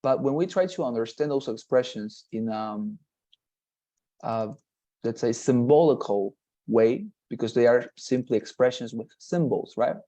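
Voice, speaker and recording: A man's voice: mid-range voice, mellow. Patient man tutoring on a video call. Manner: patient, explains slowly with many fillers and restarts. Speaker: English tutor. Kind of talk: one-on-one online lesson.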